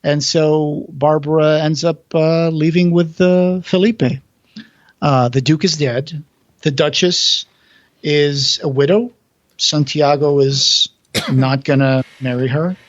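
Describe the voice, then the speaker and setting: A man on a podcast, casually retelling a play's plot, acting out the quoted lines and pausing with fillers. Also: a little high, steady tone, no echo, muffled recording. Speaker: podcast co-host.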